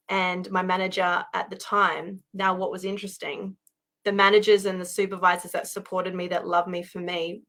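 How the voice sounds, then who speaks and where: Earnest woman sharing her story with her online class, emotional, pretty flat steady tone, keeps restarting sentences. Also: mid-range voice. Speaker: spiritual teacher, former psychologist. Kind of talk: personal storytelling to an online audience.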